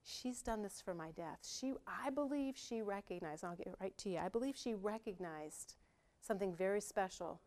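A middle-aged woman leads a Bible study in a conversational way. She is chatty and animated, laughing now and then as she walks through the passage. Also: medium pitch, moderate pace.

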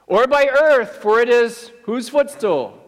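A man's voice: very high-pitched, lively intonation, takes it slowly. A male pastor preaching a sermon, emphatic and conversational, with wry asides. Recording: long hall reverb.

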